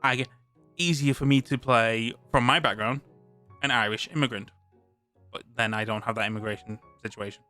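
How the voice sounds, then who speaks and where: A man's voice: medium pitch, moderate pace, sharp tone, clean tone, soft background music. A British man streaming live, reading a tabletop game rulebook aloud and chatting about it between passages. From Britain. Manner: reads aloud then chats, with restarts.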